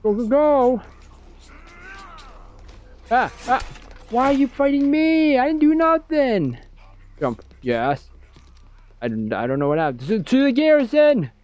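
Excitable man doing let's play commentary. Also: very high-pitched, a little slow, pauses often. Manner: excitable, jokey, talks to himself. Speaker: game streamer.

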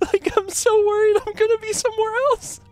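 A man streaming a game live, with excitable, rambling commentary and frequent yelps and laughs. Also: very high voice.

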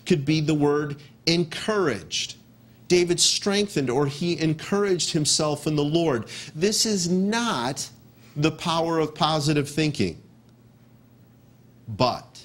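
Pastor, man, slightly high voice; emphatic sermon delivery, repeats phrases, hushes for stress. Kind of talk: expository sermon.

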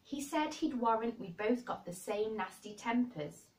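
A woman's voice: a little high, lively intonation, a little mellow, voice pushed up. A woman voicing a blunt, plain-spoken girl who talks frankly and earnestly. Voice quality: frank and brisk. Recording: roomy and distant.

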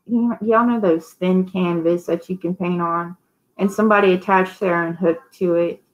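A woman's voice: fairly low pitch, fairly even intonation, moderate pace, muffled recording. A woman hosting a casual live-stream sale, chatty and rambling, greeting viewers by name. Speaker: host of a live online sale.

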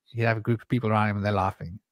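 A man's voice: on the low side, little pitch movement, rapid-fire, no room sound. A man hosting a candid conversation, telling long rambling personal stories full of asides and restarts. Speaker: podcast host.

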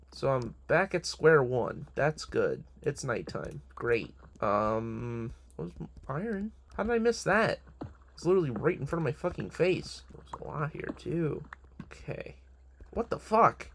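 A young man rambles through his own game, joking and swearing at himself, his pitch swinging widely from line to line. His voice has a gravelly edge, and a faint hiss sits under the recording. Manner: profane, joking, talks to himself. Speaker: gamer. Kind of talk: casual gaming commentary.

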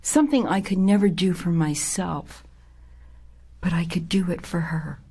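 Older woman, personal story, emotional, whispery asides, low, husky. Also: a little slow. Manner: emotional, dramatic, drops to a hushed whisper. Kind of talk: personal life story told to an audience.

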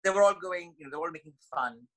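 A man's voice: high voice, racing, a bit bright, low-quality recording. A man from India, a dancer guest on a podcast, telling stories expressively with many fillers and restarts. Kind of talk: casual interview storytelling.

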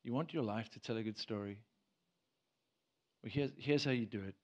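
In a church, an earnest pastor preaches a sermon in a fairly low, slightly mellow voice at a normal pace. He restarts often but rises into emphatic bursts, and the recording of the service comes across as dull.

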